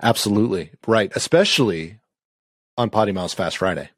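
A man with a lowish voice co-hosts a casual podcast, trading dry, joking banter. He sounds close and dead, with no room around him. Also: lively intonation, moderate pace, slightly rough, no room sound. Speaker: podcast co-host. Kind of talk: casual chat. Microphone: studio microphone.

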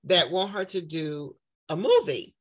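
A woman, telling her story casually in conversation, lively and acting out what people said. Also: a little slow, breathy edge, low-quality recording. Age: 50s. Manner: animated, acts out quoted exchanges with big swings in pitch. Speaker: guest speaker and advocate.

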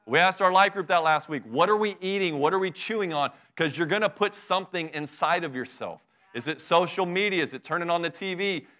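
A man's voice: sits high, brisk, bright, forceful tone. A middle-aged male pastor preaching a sermon with fervent, conversational delivery, full of rhetorical questions to the congregation.

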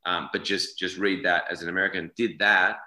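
Here the actor, an Australian man in his forties, talks fairly quickly in a low voice with little pitch movement and a sharp tone. His casual interview answers ramble, repeat and self-correct, and the recording is reverberant and low quality.

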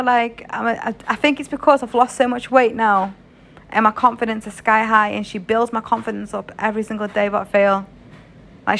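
Gravelly young British woman chatting. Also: a little high, fairly bright tone. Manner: frank, swears freely, chatty slang. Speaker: vlogger. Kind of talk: casual storytelling chat.

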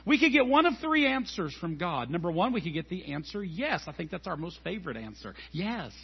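A middle-aged man preaching a sermon as a pastor, animated and telling stories. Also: high voice, brisk, vocal fry, breathy edge, highs cut off. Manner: animated and storytelling, acting out scenes.

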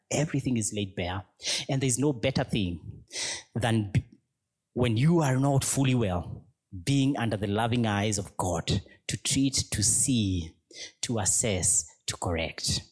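A pastor with a mid-range voice preaches a reflective sermon, speaking gently and without hurry. His short, broken phrases lead into prayer.

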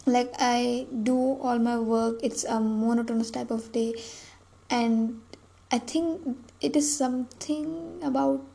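A woman's voice: sits high, vocal fry, dark tone, poor audio. A young adult woman hosting a solo podcast, rambling and self-deprecating with many restarts. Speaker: podcast host. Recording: faint background noise.

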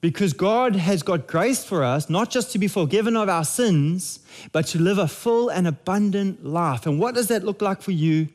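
A man's voice: high voice, animated, normal speed, darkish tone. A man, preaching a sermon in a conversational, jokey way with frequent restarts. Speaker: pastor.

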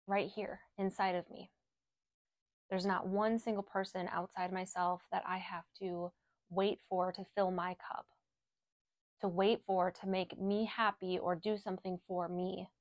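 Gentle woman spiritual guide, really slow unhurried pace, repeats lines, dry close mic no room echo. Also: medium pitch. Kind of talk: guided affirmations and spiritual reflection.

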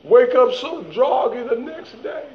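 A man a sermon with shouting, call-and-response delivery. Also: extremely high pitch, sing-song, measured pace. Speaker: preacher. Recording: dull lo-fi recording.

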